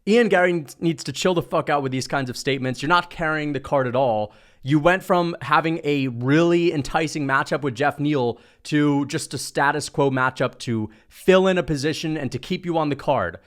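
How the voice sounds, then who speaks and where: A man from New rants about combat sports in a high, lively voice. He mocks and swears freely, with the loose tone of a casual vlog. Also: normal speed, hardly any pauses. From New York. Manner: mocking, profane, animated. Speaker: MMA commentator vlogger. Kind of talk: casual rant.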